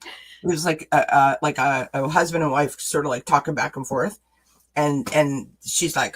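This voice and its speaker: A woman's voice: low-pitched, normal speed, slightly rough, low-quality recording. A woman co-hosting a live-streamed tarot reading, chatting casually and playfully with frequent laughs. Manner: chatty, giggly, playful storyteller. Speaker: co-host tarot reader.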